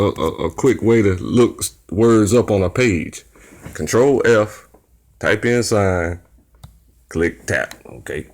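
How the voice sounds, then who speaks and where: Dude hosting his channel stream, slow and drawn out, keeps going "you see?" and teasing the chat. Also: fairly low pitch, a little mellow. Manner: keeps asking the viewers rhetorical questions; teasing, talks straight to chat viewers. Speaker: channel host. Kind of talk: casual livestream teaching.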